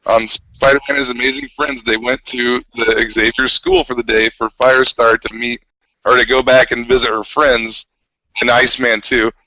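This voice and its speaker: A man's voice: mid-range voice, flat delivery, moderate pace, bright, forceful tone, no room sound, poor audio. A man in his thirties co-hosting a casual podcast, telling stories with enthusiasm. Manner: enthusiastic, nostalgic storyteller. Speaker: podcast co-host. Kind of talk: casual chat.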